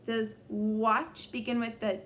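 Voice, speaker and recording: A young woman teaching young children a phonics lesson, sounding out letters slowly and praising them often. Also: on the high side, little pitch movement, a bit bright, slight background noise. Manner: slow, exaggerated sounding-out of letters; encouraging, praising. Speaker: kindergarten teacher.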